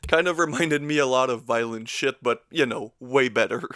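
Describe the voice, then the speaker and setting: A man's voice: mid-range voice, normal speed, sharp tone, dry recording. A man narrating a casual, joking movie review in a sardonic tone. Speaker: film reviewer.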